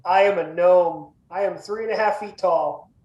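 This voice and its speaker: Male player, mid pitch, halting with lots of ums, roomy echo on the mic. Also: darkish tone, muffled recording. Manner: hesitant, many fillers. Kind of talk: casual chat about a tabletop character.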